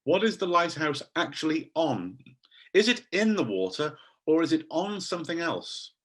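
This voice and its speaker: A man leading an online teacher training session over a video call, enthusiastic and animated as he quizzes his audience. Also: fairly high pitch, normal speed. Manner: quizzes the audience, reads names from chat.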